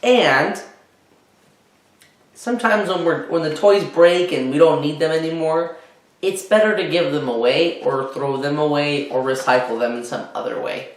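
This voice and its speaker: A male teacher reads a storybook aloud for children, pausing to speak to them directly. His voice sits slightly high for a man. The recording has a roomy echo. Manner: friendly, talking to young listeners.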